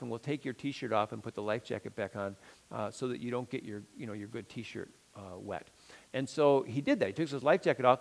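Middle-aged male pastor, gravelly, easygoing sermon storyteller. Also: mid-range voice. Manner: conversational, storytelling, asks "okay?".

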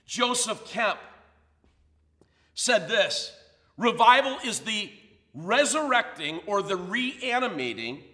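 Man, pastor, sermon, emphatic rhetorical preaching, high bright voice, reverberant hall.

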